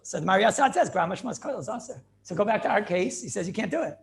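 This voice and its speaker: An animated rabbi with a high, gravelly male voice teaches a fast-paced Talmudic class. He fires off questions, answers them himself and repeats phrases in a back-and-forth lecture style.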